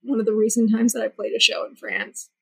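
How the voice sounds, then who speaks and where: Young female guest, husky and a bit high, rambling casual chat with many fillers. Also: big pitch swings, fairly quick, rough recording. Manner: chatty, many "like" fillers, laughs often. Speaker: singer-songwriter guest.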